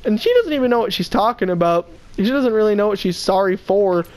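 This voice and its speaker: A young woman, co-hosting a casual podcast and telling a funny story with lively impressions. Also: a little fast, rough recording. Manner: animated, mimics a drunk stranger in a high wail. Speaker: podcast co-host.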